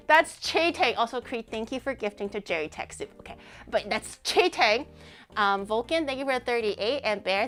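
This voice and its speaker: Young female streamer, high voice, animated and giggly, chatting to chat over faint music. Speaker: livestreamer.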